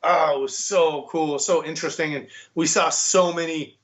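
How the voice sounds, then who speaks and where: A man with a fairly high voice tells a travel story in casual conversation. He is excitable and profane, laughing as he goes and swearing freely. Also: normal speed. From United States. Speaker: guest.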